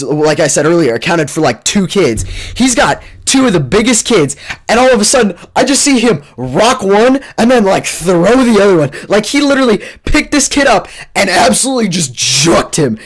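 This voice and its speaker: Young guy rambling through a story time, kinda high voice, lots of likes and ums. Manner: rambling, animated, lots of fillers and restarts. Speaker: storyteller vlogger.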